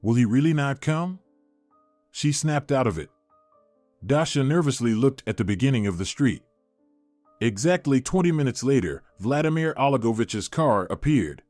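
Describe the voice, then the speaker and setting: A man reading a dramatic story aloud in an even, measured storytelling manner. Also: mid-range voice, no echo, faint music behind. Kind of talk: scripted story narration.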